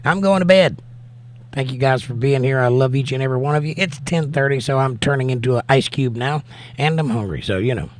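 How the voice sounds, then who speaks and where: On a casual live stream, a tired middle-aged host with a medium-pitched voice reads viewer comments aloud a little fast and answers with laid-back, wry remarks. The audio has no echo.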